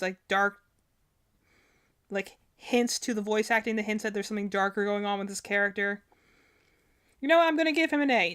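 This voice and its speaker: A woman's voice: medium pitch, fairly bright tone, smooth. A woman streaming as she reacts to game trailers, talking casually and rambling, with lots of fillers and self-corrections. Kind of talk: casual live-stream commentary.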